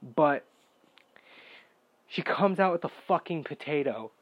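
A young man telling a story in a casual, profane rant. He sounds exasperated and now and then bursts into shouting. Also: fairly high pitch, animated, slow pace, breathy edge, no room sound, muffled recording.

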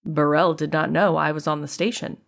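A woman voicing a calm, matter-of-fact alien man in an audiobook. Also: low voice, fairly quick, vocal fry. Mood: clinical. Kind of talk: audiobook character reading.

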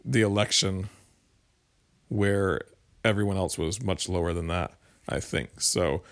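A man's voice: deep voice, unhurried. A man giving a casual, rambling commentary monologue to his viewers as a political commentator, often restarting sentences and explaining with homespun examples.

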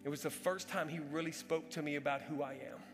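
A man preaching a testimony in sermon storytelling style, animated and acting out the sounds and voices in the story. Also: a little high, a little fast. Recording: echoey hall with soft music.

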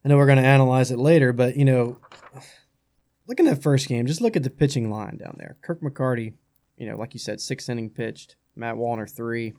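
A man's voice: medium pitch, fairly quick, a little mellow. A man talking casually as a guest on a sports talk show, chatty and often restarting his sentences. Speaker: guest baseball analyst.

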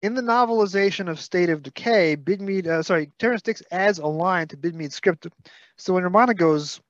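A man's voice: high voice, moderate pace, dry recording, highs cut off. A man with a Brooklyn accent co-hosting a podcast, full of detailed facts and playful scolding. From Brooklyn, New York. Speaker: podcast co-host. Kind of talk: casual podcast chat.

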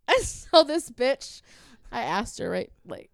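A woman's voice: fairly high pitch, big pitch swings, takes it slowly, vocal fry, a little hiss or hum. Foul-mouthed woman, laughing through a story. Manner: profane, laughing, retells text exchanges. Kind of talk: casual storytelling chat.

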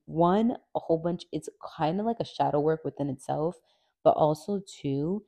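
Low mellow-voiced young woman podcaster. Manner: emotional, confessional, uses filler "like". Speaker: podcast host. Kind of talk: casual solo podcast talk.

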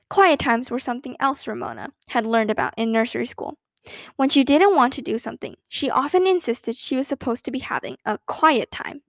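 A woman reading a children's book aloud in a gentle, expressive way. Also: high voice, moderate pace, creaky, dry recording. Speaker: storyteller.

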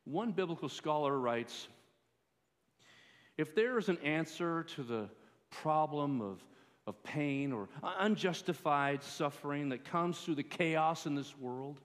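A man preaching a sermon as pastor, in a measured way that rises for pleas. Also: fairly high pitch, lively intonation. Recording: long hall reverb.

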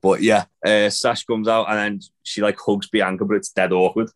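Deep-voiced male co-host, loose rambling recap delivery with frequent swearing. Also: flat delivery, moderate pace. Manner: rambling, swears casually, many fillers. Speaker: podcast co-host. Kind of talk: casual wrestling recap chat.

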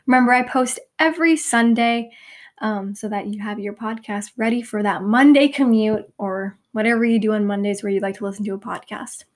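A young woman hosting her own podcast in a rambling, self-deprecating way, full of "like" and "um", her voice going hoarse. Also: mid-range voice, brisk. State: losing her voice, slightly hoarse. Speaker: podcast host. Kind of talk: casual solo podcast.

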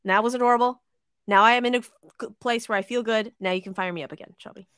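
A woman co-hosts a casual sports podcast. She talks in a high, bright voice, and her excitement spills into gushing and plenty of swearing. The sound is dry and close. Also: rapid-fire, smooth, dry recording. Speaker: podcast co-host.

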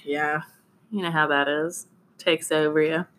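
A woman co-hosting a podcast in casual chat, a little raspy today, telling stories and laughing often. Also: deep voice, fairly even intonation, unhurried, fairly bright tone. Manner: laughs often, chatty storytelling. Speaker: podcast co-host.

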